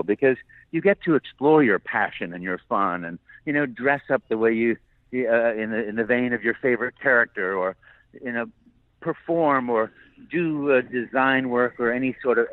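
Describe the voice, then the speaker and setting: A man's voice: medium pitch, no echo. An older man, a voice actor guest, chatting enthusiastically and laughing often in an interview, heard over a tinny phone line. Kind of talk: casual interview chat.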